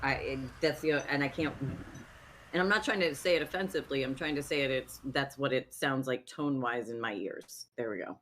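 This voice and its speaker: A man's voice: mid-range voice, normal speed. A man streaming a video game, chatting casually and searching for words as he rambles. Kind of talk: casual chat while gaming. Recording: loud background noise.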